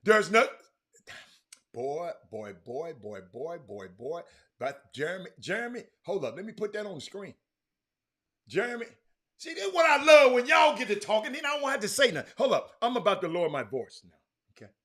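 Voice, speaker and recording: High, lively-voiced man hosting sports talk. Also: moderate pace. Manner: animated, reads viewer comments aloud, drops to a mutter. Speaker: sports talk show host. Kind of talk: casual live-stream sports chat.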